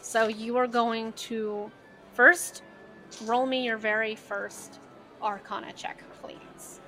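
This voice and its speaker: A woman runs a tabletop game, narrating the scene to her players in a bright, slightly high voice. She talks in an animated, loose way full of fillers. Faint music plays under her. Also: takes it slowly. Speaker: game master.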